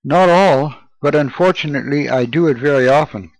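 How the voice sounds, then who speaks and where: A man's voice: a little high, normal speed, natural voice, poor audio. A man reading as a timid schoolboy. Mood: hesitant. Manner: hesitant, apologetic. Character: timid young schoolboy confessing.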